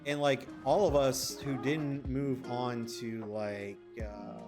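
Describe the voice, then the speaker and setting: A man's voice: mid-range voice, flat delivery, slow, music in the background. A man streaming a video game, telling a story in casual, rambling chat with frequent swearing and restarts. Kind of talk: casual chat while gaming.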